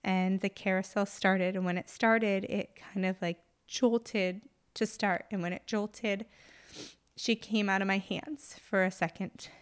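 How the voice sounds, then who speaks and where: A young adult woman, a mother, tells a personal story emotionally and haltingly, with many pauses and fillers. Her voice is mid-range, steady in tone, and smooth.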